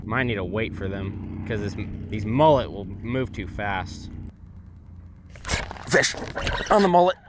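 A man vlogging his fishing trip from a boat, exclaiming excitedly over each catch. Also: on the low side, slow pace, pauses often. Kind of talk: excited outdoor fishing vlog. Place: on a boat on the water. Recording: noisy outdoor boat audio.

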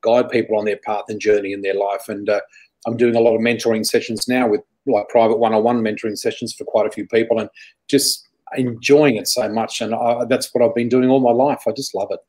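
A middle-aged Australian man, a guest psychic, telling stories in an interview with an animated, rambling manner and frequent restarts. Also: fairly low pitch, a little fast, low-quality recording. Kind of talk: storytelling in an interview.

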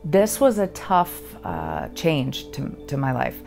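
A woman veteran giving a halting, earnest personal testimony. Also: rumbling low, huge pitch swings, gravelly, a little mellow, soft background music. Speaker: veteran sharing her story.

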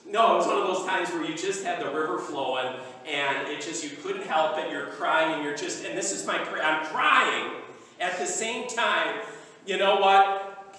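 High, bright-voiced pastor in an echoing hall. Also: male voice, normal speed. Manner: conversational, jokey, acts out little scenes. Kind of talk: sermon. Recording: echoey hall, voice from far off.

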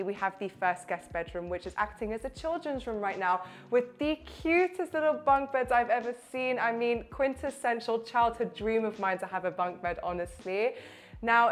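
A young woman presenting a walkthrough tour of a townhouse, chatty and enthusiastic, speaking straight to the viewer as she walks through the rooms. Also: mid-range voice. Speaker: real estate presenter. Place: inside a townhouse and on its rooftop terrace.

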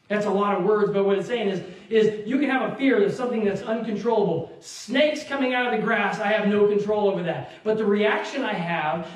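A man in his thirties preaching a sermon in a church, telling a personal story in an animated way and acting out what people said. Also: high-pitched. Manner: animated storytelling, acts out quotes, laughs along. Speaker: pastor. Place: church sanctuary. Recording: very echoey church hall, distant mic.

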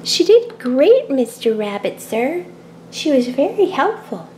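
A sweet young girl who encourages her friend in a reassuring, polite way, as a woman voices her in a toy play-acting video. Her voice is high and lively, at an easy pace. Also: measured pace, slight background noise.

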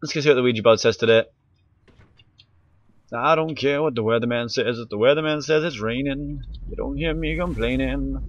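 A man's voice: medium pitch, brisk, pauses often, no room sound, lo-fi sound. A man commentating a horror game he is playing, easily scared, swearing and yelping often, recorded on a handheld camera mic. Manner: jumpy, scared, swearing, frequent sudden yelps. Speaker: gaming YouTuber.

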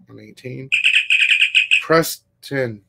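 Man, casual livestream host, profane, excitable, mid-pitched voice. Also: drawn-out words, creaky. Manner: profane, excitable, reads chat aloud. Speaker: comic shop livestream host. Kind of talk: casual live-stream chat.

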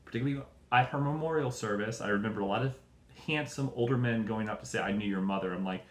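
A man's voice: fairly low pitch, fast talker, reverberant, a little hiss or hum. A young man hosting a podcast, riffing in a profane, tangent-hopping comic monologue and acting out little scenes. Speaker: podcast host. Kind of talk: rambling comedic monologue.

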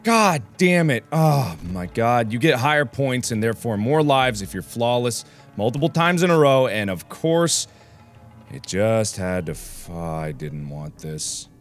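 A young man hosting a gaming video, swearing a lot as he swings from low muttering to angry yelling. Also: animated, a little slow, faint music behind. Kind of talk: frustrated let's play commentary.

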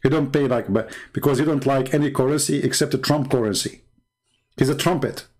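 A man's voice: mid-range voice, fairly quick, a little mellow. A man hosting a live stream, talking in scornful, sarcastic rhetorical questions with broken, non-standard English grammar. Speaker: livestream host. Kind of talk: mocking live-stream commentary.

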